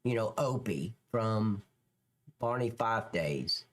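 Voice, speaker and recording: A man hosting a live stream in a loose, rambling chat, swearing freely and answering comments from viewers. His pitch swings widely from line to line. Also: lively intonation, takes it slowly.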